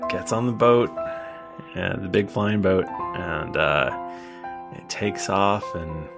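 A man narrating as game master of a tabletop game, slow and hesitant with fillers. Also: deep voice, steady tone, gravelly, over music.

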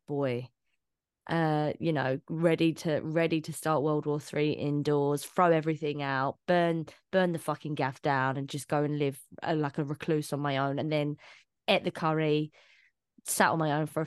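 A young woman co-hosting a podcast in casual chat, animated and sweary, laughing often and restarting her sentences. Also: low voice, clean tone, no room sound, studio quality. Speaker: podcast co-host.

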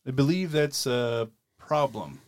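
A man co-hosting a podcast in casual chat, chatty and quick to laugh. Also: medium pitch, lively intonation, no echo, studio quality. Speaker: podcast co-host.

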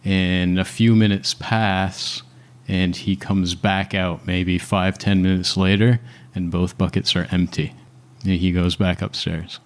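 Man, game master, low voice, relaxed narration, casual fillers. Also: slow pace.

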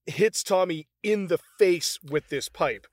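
A man's voice: high voice, takes it slowly, dry recording. A man in his fifties in casual chat, laughing often and acting out movie lines as he talks. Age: 50s. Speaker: podcast co-host.

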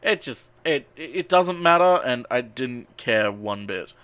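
Animated man recapping a film, dry sound. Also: medium pitch, measured pace, clean tone, no echo. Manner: animated, swears freely, rambling asides. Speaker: podcast co-host recapping a film. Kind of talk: casual chat.

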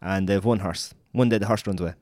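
A man's voice: on the low side, fairly even intonation, quick pace, darkish tone, dry recording, studio quality. A man co-hosting a podcast, telling a story in a rambling way with many fillers and laughing at his own slips. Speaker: podcast co-host. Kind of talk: casual chat and storytelling.

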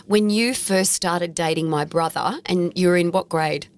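A woman's voice: on the low side, moderate pace. Chatty woman in her fifties. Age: 50s. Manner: chatty, laughing storyteller. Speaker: podcast co-host. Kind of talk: casual chat.

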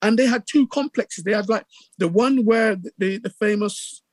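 A middle-aged man with a Bristol accent, telling stories in a casual interview with lively acted-out quotes and many restarts. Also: high-pitched, moderate pace, no room sound. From England. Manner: animated storyteller, acts out quotes, many restarts. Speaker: radio DJ guest.

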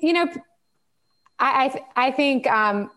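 A woman novelist from the American South who tells stories in an animated, chatty way, often filling her sentences with "like". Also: sits high, a little slow. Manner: animated storytelling, chatty, many "like"s. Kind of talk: casual conversation about writing.

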